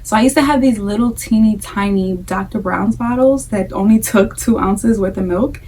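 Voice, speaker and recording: Chatty young mom, a bit off-mic. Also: female voice, mid-range voice, normal speed, darkish tone, recorded from a distance, slight background noise, low-quality recording. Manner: chatty, candid, repeats herself for emphasis. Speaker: vlogger, breastfeeding mom. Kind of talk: casual chat to camera.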